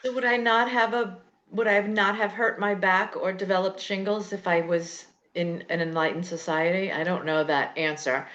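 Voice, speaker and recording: A woman's voice: mid-range voice, fairly even intonation, normal speed, hardly any pauses, a bit bright, lo-fi sound. A woman in a study group asking hesitant questions in casual discussion. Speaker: group participant.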